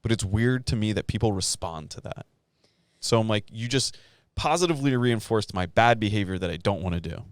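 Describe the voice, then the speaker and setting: A man's voice: lowish voice, lively intonation, a little fast, no echo. A man co-hosting a casual podcast, telling stories in a swearing, worked-up way with lots of fillers. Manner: swearing, heated storytelling with many fillers. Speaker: podcast co-host.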